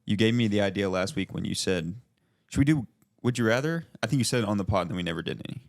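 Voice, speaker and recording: A man co-hosting a podcast, chatting casually and teasing his co-host with a joking tone. His voice sits a little low and the sound is dry and close. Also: expressive, quick pace, vocal fry, no echo. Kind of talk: casual chat.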